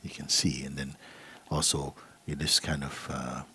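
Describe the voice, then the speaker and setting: A middle-aged man, a spiritual teacher, giving a gentle, unhurried talk and acting out voices in his stories. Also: rumbling low, flat delivery, breathy edge. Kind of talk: satsang talk, storytelling. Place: gathering hall.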